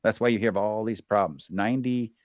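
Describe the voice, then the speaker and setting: A man's voice: fairly low pitch, brisk, darkish tone, dry recording, dull audio. A middle-aged man and retired soldier talking bluntly and with profanity as a podcast guest, often acting out quoted voices. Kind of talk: candid interview talk.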